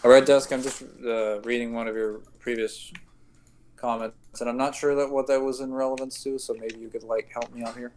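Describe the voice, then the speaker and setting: A man's voice: medium pitch, flat delivery, brisk, a little mellow. A man hosting a casual chat, reading viewer comments and thinking aloud through game lore with lots of fillers.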